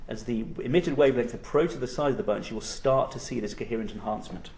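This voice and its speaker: A man's voice: medium pitch, quick pace, darkish tone. Man giving a physics lecture. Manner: explanatory, frequent "okay?" checks. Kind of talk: university lecture.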